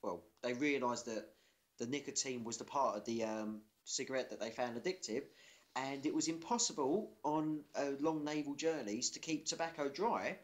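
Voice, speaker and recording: A man's voice: medium pitch, normal speed. A man co-hosting a casual podcast chat, telling facts and jokes with sweary confidence. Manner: sweary, jokey, confident storytelling. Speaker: podcast co-host.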